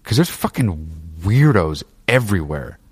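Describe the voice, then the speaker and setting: A man's voice: fairly low pitch, big pitch swings, unhurried, breathy edge. A man talking to listeners in a casual monologue, profane and opinionated, rambling through fillers and restarts.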